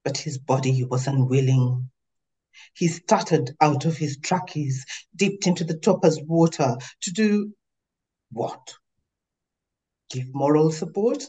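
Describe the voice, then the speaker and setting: A woman author reading aloud from her novel in a measured, literary way. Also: low-pitched, warm tone, low-quality recording.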